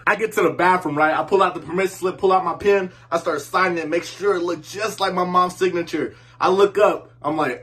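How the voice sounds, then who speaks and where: A man's voice: sits high, a little fast, few pauses, a bit bright. A man telling a comic school story, acting out the voices of the people in it. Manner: acts out voices in a told story. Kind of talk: storytelling comedy skit.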